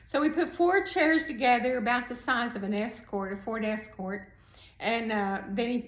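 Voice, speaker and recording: Animated woman telling a story, echoey room. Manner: animated, acts out quotes with raised pitch. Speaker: prison art teacher. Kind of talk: personal storytelling.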